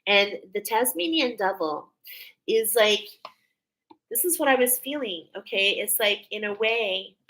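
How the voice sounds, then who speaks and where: A woman with a clear, bright tone reads oracle cards for her viewers. Her pitch sits in the middle range, and she talks in an earnest, searching way, repeating herself and filling pauses as she feels her way toward what she wants to say. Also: lively intonation, poor audio. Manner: earnest, repeats phrases, many pauses and fillers. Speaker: spiritual card reader. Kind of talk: intuitive oracle card reading to camera.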